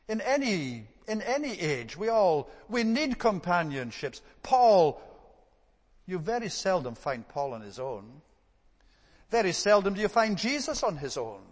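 Man preaching, emphatic swells and low drops, echoing church hall. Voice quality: emphatic, rising to stress points then dropping low. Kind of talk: sermon. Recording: long hall reverb.

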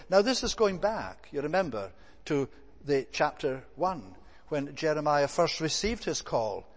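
A man's voice: fairly high pitch, sing-song, a little slow. A man preaching an expository sermon, reading scripture aloud in old-fashioned wording and then explaining it plainly. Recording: long reverb of a large hall.

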